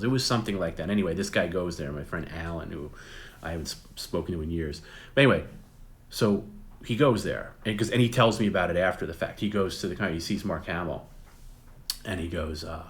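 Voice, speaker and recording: A middle-aged male host telling a long personal story, swearing freely and poking fun at himself. His voice sits very low and deep. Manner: profane, animated, self-deprecating anecdotes. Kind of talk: casual storytelling.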